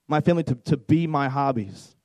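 A man's voice: medium pitch, brisk, a little mellow, no echo, rough recording. A man in his thirties preaching a conversational sermon to a youth group as their pastor, repeating words and joking with the room.

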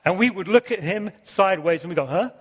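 A British-born man preaching with a high, slightly husky voice, driving his points home by repeating key words. The sound is dull and carries a long hall reverb, as if heard in a big church. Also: lively intonation, fast. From Britain. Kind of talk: sermon.

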